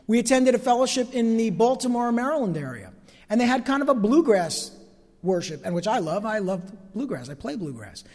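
A man's voice: extremely high pitch, very animated, brisk, a little mellow. A man preaching a sermon as pastor from the pulpit of a church sanctuary, emphatic, stretching key phrases and asking the congregation for amens. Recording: long hall reverb.

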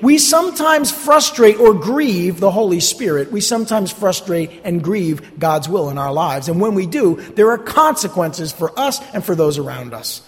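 Jersey guy preaching, high lively voice, echoey hall, stumbles over words sometimes. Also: moderate pace. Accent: New Jersey. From North Jersey. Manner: conversational, sarcastic asides, stumbles and repeats words. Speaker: pastor. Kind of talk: sermon. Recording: long hall reverb.

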